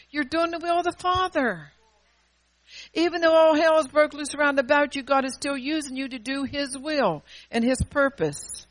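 A woman preaching to her congregation, her voice jumping from forceful bursts to near-whispered lines. She throws in quick call-and-response asides between scripture readings. The recording is dry and close, with no room echo. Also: high-pitched. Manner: animated, swings between loud and hushed. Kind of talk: sermon.

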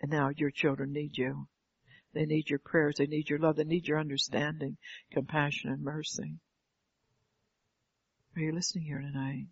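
Older woman preacher, fervent sermon delivery, gravelly and husky, heard on a dull lo-fi recording. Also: low voice, flat delivery, moderate pace, long pauses, dry recording. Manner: fervent, calls out "Amen" and rhetorical questions. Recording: dull lo-fi, dry sound.

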